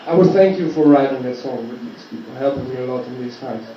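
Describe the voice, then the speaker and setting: A man from the audience asking a question, earnest and halting. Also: medium pitch, slight background noise. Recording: distant muffled hall tape.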